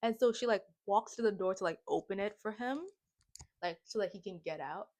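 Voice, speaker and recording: A young woman retells a film plot for her vlog in a lively, slang-heavy way. She talks casually and makes dramatic comic asides in a mid-pitched voice. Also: moderate pace. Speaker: movie reaction vlogger. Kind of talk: casual movie recap and reaction.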